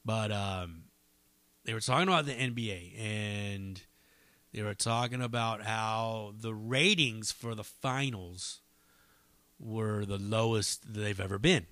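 Slow and lowish, this man's voice is bright and forceful, recorded with no room sound. Hosting his podcast alone, he wanders through profane, self-mocking tangents packed with fillers.

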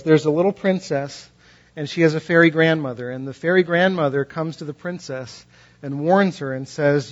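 Swinging from loud emphasis to hushed asides, a male pastor with a fairly high voice preaches passionately and a little fast. He hammers his ideas home with repetition and stories, captured on a dull, lo-fi recording.

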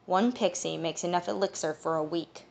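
A woman's voice: fairly low pitch, moderate pace, gravelly, a little mellow. A woman reading a small, prickly male pixie who grumbles and growls in an audiobook. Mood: grumpy.

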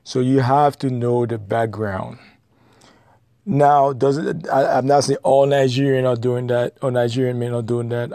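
A man's voice: mid-range voice, warm tone, no echo, clean studio sound. A man giving blunt, lecturing advice in an opinionated monologue, repeating his points.

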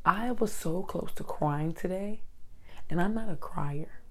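A woman's voice: fairly low pitch, unhurried. A woman talking casually to her viewers into a handheld mic, telling a story with lots of asides and acting out the people in it. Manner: animated storytelling, acts out other people. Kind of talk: casual vlog rant.

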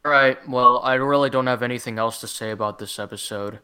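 A man talks through a podcast review in casual chat, stumbling and restarting his sentences. His voice is bright and crisp. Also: mid-range voice, steady tone, fairly quick. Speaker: podcast co-host reviewing cartoon episodes.

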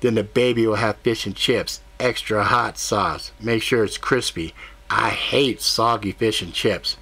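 A man's voice: lowish voice, unhurried, vocal fry, pushed and bright, breathy edge, exaggerated voice. A man voicing a snarky female cat spirit in human form who talks bluntly and grumbles a lot. The voice is an audiobook character reading. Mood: eager. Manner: blunt, grumpy, food-loving.

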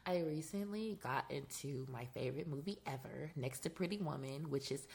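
A woman's voice: deep voice, normal speed, vocal fry, a crowd in the background. A young woman co-hosting a podcast, telling stories in blunt, joking casual chat. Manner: blunt, joking, animated storytelling. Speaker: podcast co-host.

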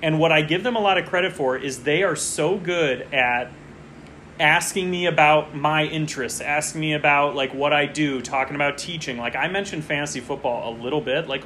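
A man's voice: on the high side, moderate pace, bright, forceful tone, slight background noise. A man co-hosting a casual podcast, chatting and rambling as he follows a fantasy football draft and gets distracted mid-story. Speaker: podcast co-host.

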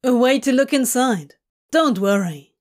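A woman's voice: high-pitched, animated, measured pace. Woman voicing a smug teasing male demon. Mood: confident. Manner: mocking, drawling.

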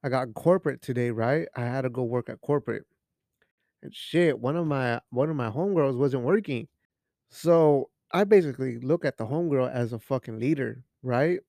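A man's voice: medium pitch, normal speed, vocal fry, mellow, no room sound, clean studio sound. A man hosting a casual solo podcast, rambling and joking with lots of swearing and Spanish phrases, sipping beer as he talks. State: drinking beer while talking. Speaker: podcast host.

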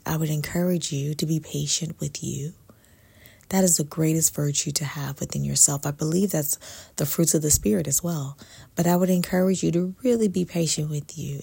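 A low-pitched woman speaks slowly and meditatively, her voice gravelly and husky with frequent fry. She leans into soft whispers to stress her points, like a spiritual coach talking straight to her listeners, in a dry close recording. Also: no echo. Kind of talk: slow reflective faith talk to camera.

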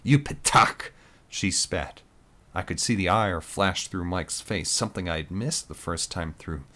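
A man narrating a story in the first person with a measured, descriptive reading. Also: low voice, a bit bright.

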